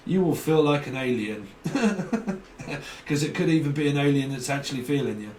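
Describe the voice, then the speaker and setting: Rambling, jokey tarot reader. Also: male voice, fairly high pitch, expressive, normal speed, darkish tone. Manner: jokey, rambling, breaks into song and silly voices. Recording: roomy, distant mic, faint hiss.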